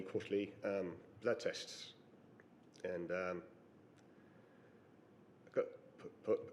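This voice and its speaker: A middle-aged man giving personal testimony on a panel, halting and reflective with pauses and fillers. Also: sits low, dark tone, slight background noise. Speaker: panel witness.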